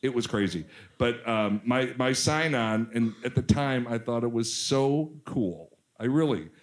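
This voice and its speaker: A man in his forties talks loosely with a host. He jokes, mocks himself, and keeps turning his stories into bits. His voice sits at a middle pitch. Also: animated, unhurried. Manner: joking, self-mocking storyteller. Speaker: podcast guest, actor. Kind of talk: casual chat.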